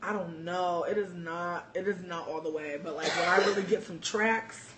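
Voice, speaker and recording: A livestream host ranting to viewers in a brash, loud, profane and sassy way, speaking from a bar. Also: mid-range voice, steady tone, normal speed, heavy background noise. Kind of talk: brash casual rant to viewers.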